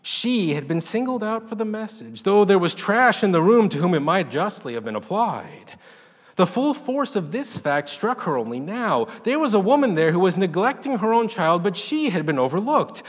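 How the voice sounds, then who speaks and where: A man narrating a literary short story in an expressive, dramatic reading style. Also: fairly high pitch. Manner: dramatic, animated delivery. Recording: long reverb.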